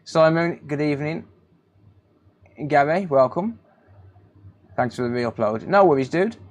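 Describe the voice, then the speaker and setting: A man with a slightly high voice speaks at a measured pace, hosting a relaxed live stream. A repair technician by trade, he reads out viewers' names from the chat, greeting each one and calling them mate.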